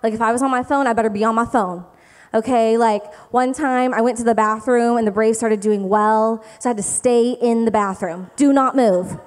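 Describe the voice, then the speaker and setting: Young woman pastor, chatty and animated storytelling sermon, slightly high voice, echoing in a big hall. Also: a little fast, clear, resonant tone. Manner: chatty, animated, keeps asking "okay?". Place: church hall. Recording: reverberant hall.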